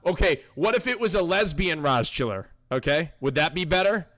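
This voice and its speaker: A young man with a bright, sharp, somewhat high voice hosts a live-streamed podcast. He rambles in a loose, chatty way and keeps answering his viewers' chat. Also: expressive, moderate pace.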